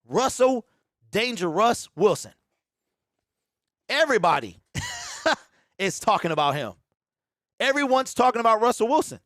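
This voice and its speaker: A man's voice: high-pitched, wildly swooping pitch, moderate pace, pauses often, a bit bright, no room sound, clean studio sound. A man hosting a sports talk show, talking emphatically and repeating his points over and over. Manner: emphatic, repeats lines, mocking quoted voices. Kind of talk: animated sports talk monologue.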